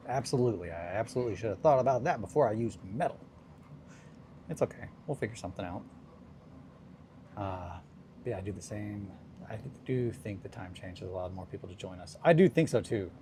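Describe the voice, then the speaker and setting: A man's voice: lowish voice, lively intonation, normal speed, a little mellow, slight background noise. A man hosting a casual hobby livestream, chatting in a rambling, self-deprecating way and laughing often while he works. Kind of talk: casual chat while crafting.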